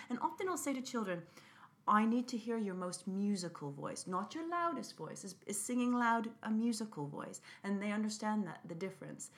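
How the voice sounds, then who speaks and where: A woman music teacher talking in an interview, animated, acting out chants and dropping to a whisper to show quiet singing. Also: medium pitch.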